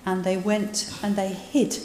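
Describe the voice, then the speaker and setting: A woman preaches in a relaxed, conversational way, retelling scripture and adding her own asides. Her voice is mellow and warm. It rings with long reverb across a large hall. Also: medium pitch, unhurried, a little hiss or hum. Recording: echoey hall, voice from a distance.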